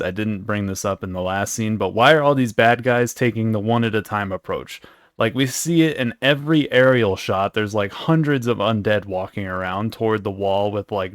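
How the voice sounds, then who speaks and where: A man's voice: fairly low pitch, dry recording. Sarcastic young man, dry close mic. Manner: sarcastic, profane, rambling asides. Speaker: video creator. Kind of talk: comedic recap commentary.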